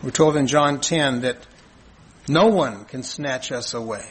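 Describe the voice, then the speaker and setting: A man preaching a sermon in an earnest, measured way, asking rhetorical questions and answering them. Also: medium pitch, husky, rough recording. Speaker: pastor.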